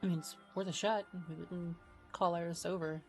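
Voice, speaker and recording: A woman's voice: lowish voice, steady tone, normal speed, darkish tone, husky, soft background music. A woman playing in a tabletop game, talking casually and stumbling over her words. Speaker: player.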